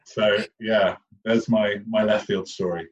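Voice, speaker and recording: Posh English man, husky and low. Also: level tone, unhurried, highs cut off. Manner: chatty, self-deprecating, restarts often. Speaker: guest, retired rugby player. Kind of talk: casual storytelling chat.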